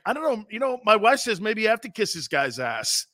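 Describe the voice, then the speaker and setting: A middle-aged sports radio host rants through an opinionated monologue, brash, mocking and animated, putting on jeering voices. He speaks a little fast in a high-pitched voice, barely pausing. The sound is studio quality with no room sound.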